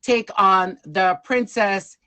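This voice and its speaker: A woman hosting a storytelling show, addressing listeners in a welcoming announcer manner. Her voice is bright and forceful, at a middle pitch. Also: slow pace.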